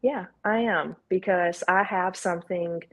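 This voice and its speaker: A woman's voice: fairly low pitch, measured pace. A woman with a Southern US accent, a guest in an interview, talking candidly and quoting her own inner thoughts. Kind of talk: casual interview talk.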